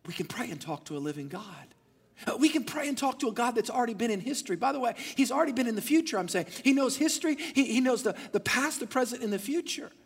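A male pastor preaching a sermon in church, retelling the story with animated acted-out voices. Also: very high voice, fast, slightly rough. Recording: long church hall reverb.

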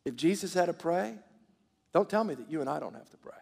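A man with a high, gravelly voice preaches in a call-and-response style, often repeating himself and prompting the congregation to answer. His voice carries a long reverb from the church hall around him. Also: lively intonation, quick pace, a little mellow. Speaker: pastor. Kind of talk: sermon. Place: church sanctuary.

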